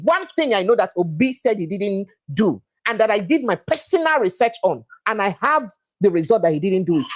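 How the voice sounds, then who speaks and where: A Nigerian woman hosting a livestream, debating politics in an insistent way and mixing Pidgin with English. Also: mid-range voice. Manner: fast, insistent, lively, mixes Pidgin with English. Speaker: livestream host.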